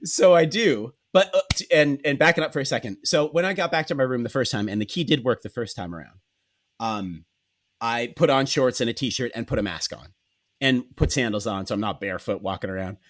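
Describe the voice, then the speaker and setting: A man hosting a podcast, telling a comic story in a profane, animated way and acting out the dialogue. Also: mid-range voice, fairly quick. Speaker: podcast host.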